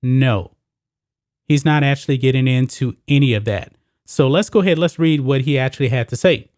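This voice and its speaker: A man hosting a solo sports commentary show, talking emphatically and pushing his pitch up on the points he stresses. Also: normal speed, a little mellow, dry recording, studio quality.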